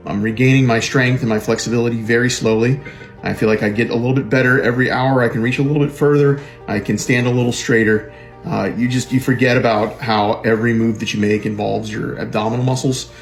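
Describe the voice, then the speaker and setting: A man's voice: medium pitch, fairly even intonation, fast talker, gravelly, faint music behind. A middle-aged man from Florida recording a candid video diary while recovering from surgery, plain-spoken with a dry sarcastic streak. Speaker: cancer patient.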